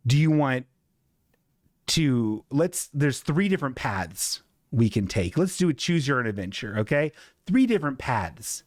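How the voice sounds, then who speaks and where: A man hosts a live comedy stream in a loose, rambling way, swearing and laughing as he goes. His voice sits in a middle pitch and is recorded close and dry, with no room sound around it. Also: expressive, measured pace, darkish tone, no echo. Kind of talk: rambling casual chat.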